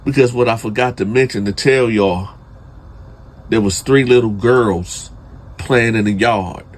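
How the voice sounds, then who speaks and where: Man, storyteller host, husky voice, slangy, talks right to the audience, builds suspense. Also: medium pitch, measured pace. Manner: slangy, addresses listeners directly, builds suspense. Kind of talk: casual dramatic storytelling.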